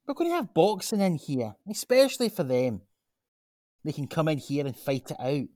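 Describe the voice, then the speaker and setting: A man's voice: a little high, moderate pace, dry recording, clean studio sound. A man playing an earnest Glaswegian local. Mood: persuasive. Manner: earnest, persuasive, animated. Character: earnest local man, grandson of a chip-shop cook. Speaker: local man pitching a gym. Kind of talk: radio drama acting.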